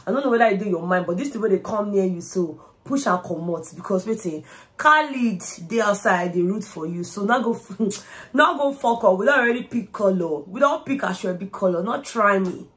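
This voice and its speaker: A young woman with a Nigerian accent giving an animated, casual recap of a reality show. She switches freely between English and Pidgin and acts out what people said. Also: mid-range voice, brisk. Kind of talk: casual commentary.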